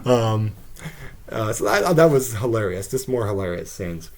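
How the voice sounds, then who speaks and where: Rambling man recapping TV shows. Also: moderate pace. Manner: rambling, full of fillers, acts out quotes with sudden high excited bursts. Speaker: podcast host.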